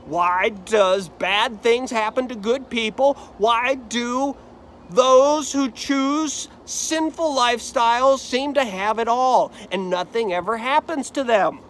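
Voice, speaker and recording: A man's voice: very high-pitched, slow, a bit bright, slight background noise. A man teaching a Bible study lesson who explains the text and reads it dramatically.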